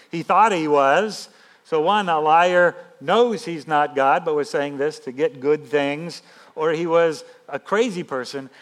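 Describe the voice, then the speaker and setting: A man pastor giving a sermon in an animated, emphatic, conversational way. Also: fairly high pitch.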